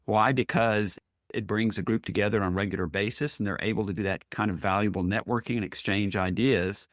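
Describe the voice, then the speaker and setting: A man's voice: on the low side, steady tone, brisk, no room sound, studio quality. A man hosting a podcast interview, speaking earnestly and encouragingly as he sums up his guest's points. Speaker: podcast host. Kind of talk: casual interview chat.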